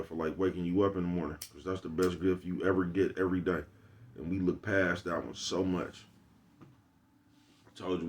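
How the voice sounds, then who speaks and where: Low-voiced man preaching casually. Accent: African American Vernacular English. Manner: loose, preachy, slangy, drawn-out asides. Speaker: vlogger. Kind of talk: casual street monologue.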